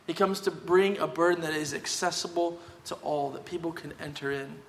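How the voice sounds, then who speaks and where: A man delivers a sermon with a slightly higher voice than most men. He talks in a conversational but emphatic way and drives his points home. The sound rings with a long reverb, as in a large hall. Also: steady tone, moderate pace, a bit bright, slight background noise. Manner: conversational, emphatic, tag questions. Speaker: pastor.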